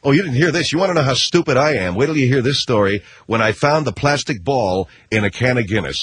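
A man hosting a radio talk show, rambling and wisecracking as he tells stories in a casual, animated way. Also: mid-range voice, fast talker, few pauses. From United States.

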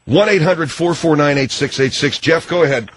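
A man's voice: fairly high pitch, normal speed, slight background noise. A man hosting a radio call-in show, mediating and exasperated. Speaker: radio talk show host.

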